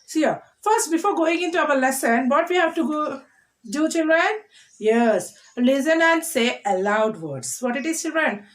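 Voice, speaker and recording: A woman teacher explaining a lesson to children, repeating words slowly for them to copy. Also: high voice, lively intonation.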